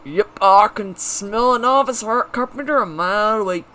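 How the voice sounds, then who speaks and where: A man's voice: sits high, animated, moderate pace, a bit bright. A player voicing a friendly male woodcutter, putting on a thick, uncertain accent and reading game dialogue in a folksy, teasing way. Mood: hearty. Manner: folksy, teasing, calls people mate.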